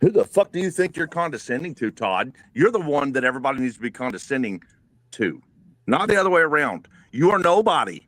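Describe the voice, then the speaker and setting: A man's voice: medium pitch, very animated, a little fast, fairly bright tone, no room sound. Foul-mouthed, furious man on a call. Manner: aggressive, profane, insulting. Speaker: panelist. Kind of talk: heated online argument.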